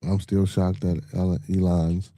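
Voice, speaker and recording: A man's voice: low-pitched, flat delivery, a little slow, dark tone, no room sound. A man with a Chicago accent hosting a podcast live stream, chatting loosely with viewers, swearing freely and filling his talk with "you know what I'm saying.". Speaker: podcast host. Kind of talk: casual live-stream chat.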